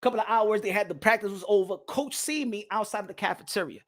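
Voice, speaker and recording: Male host, emphatic storyteller who bursts into loud acted-out quotes. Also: sits high, quick pace. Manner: emphatic, repeats phrases, acts out quotes loudly. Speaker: boxing podcast host. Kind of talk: animated storytelling.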